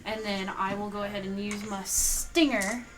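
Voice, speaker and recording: A woman's voice: mid-range voice, steady tone, moderate pace, background noise. A woman playing a tabletop game, chatting and thinking aloud as she adds up her attack rolls. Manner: chatty, thinks aloud while adding dice. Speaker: player. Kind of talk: casual tabletop game play. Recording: clear music behind voice. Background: music.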